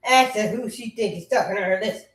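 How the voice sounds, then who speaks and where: A woman's voice: mid-range voice, a little fast. A woman talking in an agitated, profane, repetitive rambling way. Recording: echoey room.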